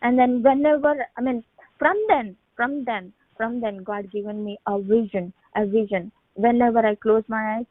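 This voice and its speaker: A woman around thirty giving a halting personal faith testimony on a phone call, with many restarts and repeated words. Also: fairly high pitch, steady tone, no echo. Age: late 20s to 30. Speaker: testimony speaker on a prayer line. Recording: tinny phone line, dry.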